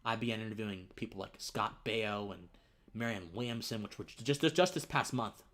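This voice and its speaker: A young man hosting his own livestream tells a personal story earnestly, his voice lowish, a bit bright, and at normal speed. He gets choked up and tearful, sinking to near whispers.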